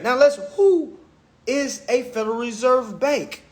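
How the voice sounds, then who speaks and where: He hosts a livestream on his phone, ranting casually in a mocking, foul-mouthed lecture full of repetition. His very high voice is lively and a little bright, moving at normal speed.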